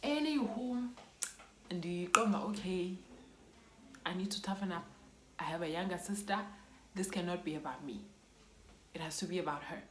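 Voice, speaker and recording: Young woman, South African accent, emotional storytime vlog, Xhosa phrases mixed in, lowish voice, echoey room. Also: moderate pace, pauses often, fairly bright tone, slight background noise. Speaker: YouTuber.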